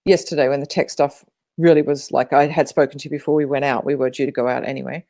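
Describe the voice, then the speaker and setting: A woman's voice: a bass voice, level tone, fast talker, dark tone, no echo. A woman co-hosting a podcast, telling stories in a rambling, casual way with many fillers. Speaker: podcast co-host. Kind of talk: casual spiritual chat.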